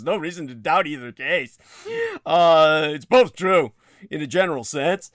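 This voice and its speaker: In a dry, studio-quality recording, a man hosting a livestream reads out news items and drifts into wry side comments, pausing and using fillers throughout. His pitch is fairly high and his pace a little slow.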